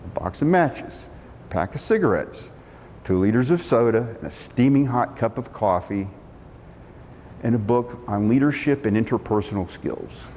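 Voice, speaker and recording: A middle-aged man telling a story from his working life, animated, acting out the quotes. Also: normal speed. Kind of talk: storytelling talk. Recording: long reverb of a hall, faint rumble.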